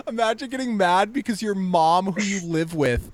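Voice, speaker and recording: Young guy, high voice, swearing a lot, acting stuff out on a casual comedy podcast. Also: normal speed, few pauses, dry recording. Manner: animated, profane, reenacts scenes with sound effects. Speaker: podcast host.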